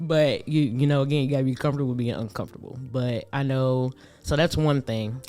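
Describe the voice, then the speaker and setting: A young man from Gary, Indiana, co-hosts a podcast in casual conversation. His voice is mid-range, and he's animated and quick to laugh as he imitates other people.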